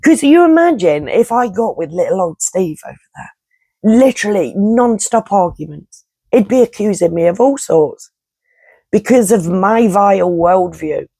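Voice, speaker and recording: A woman talks straight to her viewers in a blunt, sweary, chatty rant. Her voice has a gravelly edge and sits at a middling pitch. The sound is dry and close, with no room echo. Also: animated, moderate pace, mellow. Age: 50s. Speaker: vlogger. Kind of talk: casual rant to camera.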